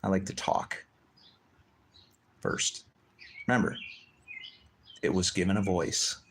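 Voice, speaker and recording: A man's voice: sits low, steady tone, slow, fairly bright tone, a little hiss or hum. A man livestreaming, ranting in a heated, preachy way with lots of profanity. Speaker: livestream host. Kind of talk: livestream rant.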